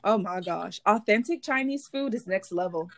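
A woman podcast host tells stories in a loose, chatty way and laughs often. Her voice sits at a middle pitch and sounds close and dry, with no room around it. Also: normal speed, no room sound. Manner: lively storytelling, laughs often. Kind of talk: casual chat.

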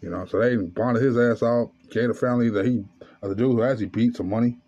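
A man's voice: medium pitch, steady tone, fast, a little mellow, lo-fi sound. A man hosting a podcast, telling a story in a casual, profane monologue. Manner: profane, storytelling, rising to angry rant. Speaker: podcast host.

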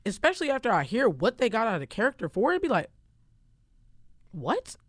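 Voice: mid-range voice, huge pitch swings, very fast, no echo, clean studio sound. A podcast co-host in casual chat who talks loosely and animatedly, using lots of slang and filler words.

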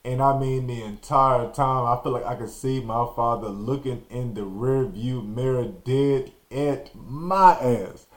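Male podcast host, casual storyteller, animated delivery with acted-out quotes. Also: medium pitch, measured pace, few pauses. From Texas. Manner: animated, acts out quotes and sound effects.

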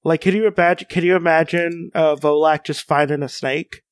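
A man's voice: fairly high pitch, steady tone, fairly quick, no room sound, studio quality. A young man in casual chat, rambling and enthusiastic, restarting his sentences often.

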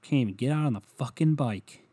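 Husky-voiced man ranting profanely. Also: medium pitch, brisk, warm tone. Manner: profane, rambling, sarcastic. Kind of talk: solo comedic ranting monologue.

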